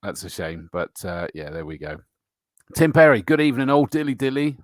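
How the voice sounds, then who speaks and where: A middle-aged English man with a lowish voice chats through a live show, greeting viewers by name and filling gaps with ums and laughs. His comes through in the matey banter. The sound is close and dry, with no room echo. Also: big pitch swings, moderate pace. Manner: chatty and matey, frequent fillers and laughs. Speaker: host of a motorsport livestream show. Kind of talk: casual live-stream chat reading viewer comments.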